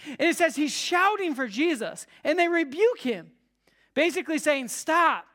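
A pastor preaching a sermon to a live congregation, emphatic and repetitive, swinging between loud cries and hushed low tones. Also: animated, moderate pace. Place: church service with a live congregation.

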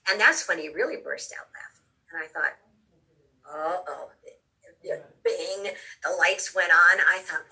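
A woman telling a personal story in a halting way, often repeating words, with real emotion, her voice a little distant from the mic. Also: fairly low pitch, bright, forceful tone. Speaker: storyteller recounting a near-death experience.

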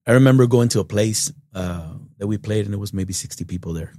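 A middle-aged man from Texas, telling stories in a relaxed, rambling way as an interview guest. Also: fairly low pitch, fast, no room sound, clean studio sound. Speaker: guest musician. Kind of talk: casual storytelling interview.

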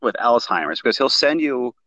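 A man's voice: medium pitch, big pitch swings, fairly quick, bright, forceful tone, dry recording, dull audio. Young man stumbling through a story. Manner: stumbling, repeats words while retelling. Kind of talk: casual chat.

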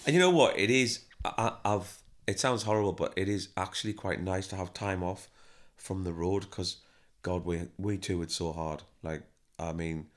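A band member who also manages the band tells stories in an interview, chatty and animated, acting out what people said. He has a low voice and talks at a moderate pace.

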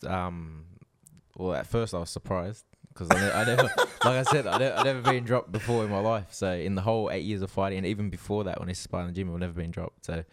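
A man's voice: low voice, quick pace, a little hiss or hum. A young man, a boxer, answering interview questions in a plain, matter-of-fact way. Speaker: guest, professional boxer.

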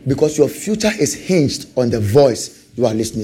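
A man preaching a sermon, animated, repeating rhetorical questions and laughing often. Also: medium pitch, normal speed, slightly rough, faint music behind.

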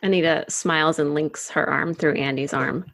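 A woman's voice: deep voice, fairly even intonation, normal speed, a bit bright. A woman playing a tabletop game, casually narrating her character's actions. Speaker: player.

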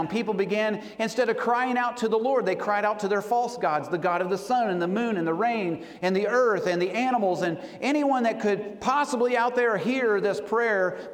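A man preaching a sermon, telling a story earnestly and slowing down for emphasis. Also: sits high. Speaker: pastor. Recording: long hall reverb.

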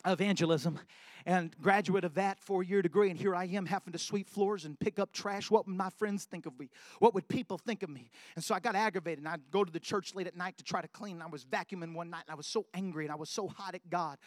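A man preaching a personal testimony, telling his story and building to loud, emphatic preaching. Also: sits high, no room sound, studio quality. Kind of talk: sermon testimony.

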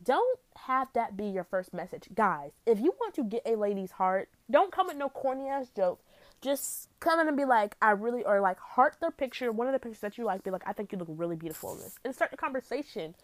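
A woman's voice: a little high, sing-song, a little fast, dry recording. A young woman vlogging about dating, talking bluntly and profanely in a rambling, casual way. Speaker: vlogger giving dating advice. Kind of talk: casual vlog monologue.

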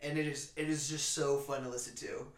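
A man's voice: mid-range voice, flat delivery, fairly quick, slight background noise. Young man chatting in a roomy room. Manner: chatty, rambling, restarts sentences. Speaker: podcast co-host. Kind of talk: casual chat. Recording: roomy, distant mic.

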